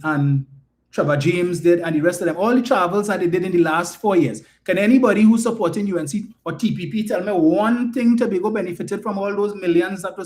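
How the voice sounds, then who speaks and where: A man with a Trinidadian accent and a high-sitting voice delivers an emphatic, indignant political commentary monologue packed with rhetorical questions.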